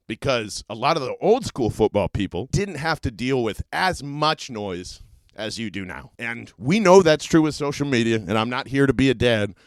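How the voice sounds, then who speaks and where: A man's voice: mid-range voice, no echo. A man co-hosting a sports podcast, talking casually and animatedly with frequent swearing and laughter. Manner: animated, profane, laughs often. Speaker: podcast co-host.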